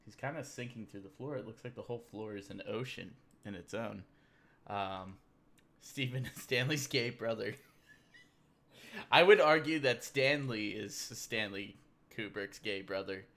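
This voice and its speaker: A man hosting a loose, rambling livestream, cracking jokes as he goes through memes with a beer in hand. His voice is bright and sharp, with a chatty and offhand delivery. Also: fairly low pitch, a little slow. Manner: rambling, joking, drinking beer. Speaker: livestream host. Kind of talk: casual livestream meme commentary.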